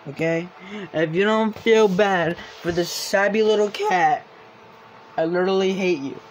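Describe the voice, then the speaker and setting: A man's voice: high voice, measured pace, a little hiss or hum, low-quality recording. A young man vlogging at home, filming his pet on a phone and pleading with viewers in a teasing, then soothing way. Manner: pleading and teasing, drops to soft soothing tones. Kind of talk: casual vlog talk to viewers.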